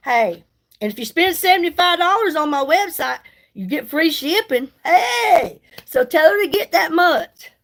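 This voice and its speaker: A woman's voice: very high-pitched, lively intonation, unhurried, poor audio. A middle-aged woman, chatting casually and sassily with viewers on a livestream while doing her makeup. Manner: chatty, sassy, folksy, greets viewers by name. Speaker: livestream host selling products.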